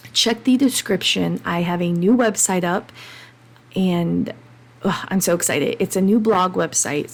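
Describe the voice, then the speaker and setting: A woman hosting her own podcast, talking passionately and emphatically, getting heated and then calming down. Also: mid-range voice, gravelly. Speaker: podcast host. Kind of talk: solo podcast monologue. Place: home, late at night.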